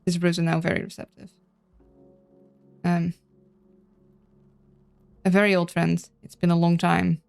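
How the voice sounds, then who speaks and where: A woman with a lowish voice and a fry-edged, gravelly texture talks her way through a story game. She reads the dialogue aloud and adds chatty, playful asides, sometimes tripping over names. Soft music plays faintly behind her. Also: flat delivery, measured pace, long pauses. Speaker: let's-play streamer. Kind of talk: casual game playthrough, reading on-screen text aloud.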